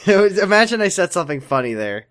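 A man's voice: high voice, big pitch swings, fast talker, fairly bright tone. A man co-hosting a casual show recap, dry and wry, often trailing off. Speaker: podcast co-host.

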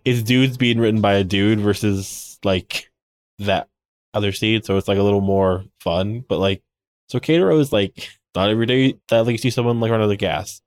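This is a man co-hosting a podcast, recapping an episode in loose, casual chat. His voice sits a little low. He rambles through the story with constant "like" fillers and tells the scenes with animated energy. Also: moderate pace, no room sound. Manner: rambling, many "like" fillers, animated retelling with laughs. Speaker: podcast co-host.

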